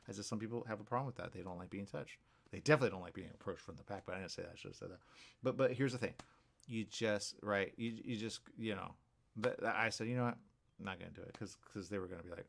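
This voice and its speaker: A man's voice: on the low side, fast, gravelly. A man hosting a morning radio show, talking in a rambling, repetitive monologue full of restarts and tag questions. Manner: repetitive, hesitant, keeps asking "okay?".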